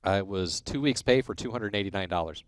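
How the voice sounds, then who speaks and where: A racing crew chief in his forties, originally from Illinois, is a guest in a casual interview, telling stories about his racing career in a low, brisk voice. He's an animated storyteller who acts out the quoted dialogue.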